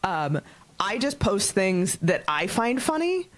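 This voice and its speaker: A woman's voice: medium pitch, sing-song, slow pace. A woman guest on a casual podcast chat, blunt and self-deprecating. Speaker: podcast guest, actual play performer.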